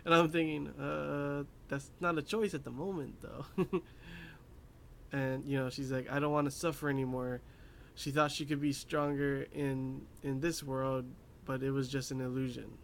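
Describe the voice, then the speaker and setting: A man's voice: mid-range voice, flat delivery, unhurried, creaky, a little hiss or hum. Rambling young man recapping an anime. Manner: rambling, many fillers, laughs at his own asides. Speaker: anime reviewer. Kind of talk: casual episode recap.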